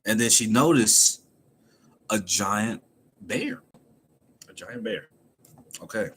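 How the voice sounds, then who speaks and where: A man streaming a casual chapter recap from home, animated and laughing often as he acts out the characters. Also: fairly low pitch, slow, slight background noise. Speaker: anime chapter reviewer, streamer. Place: home room.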